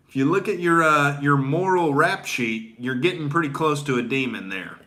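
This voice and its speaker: Bright-voiced man in a crude comedic rant. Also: on the high side, moderate pace, few pauses. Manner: rambling, profane, heavy on filler words. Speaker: comedian host.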